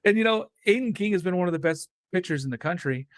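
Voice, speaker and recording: A man co-hosting a college baseball show in casual sports chat, animated, often laughing and acting out quoted reactions. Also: sits high, quick pace, no room sound, studio quality.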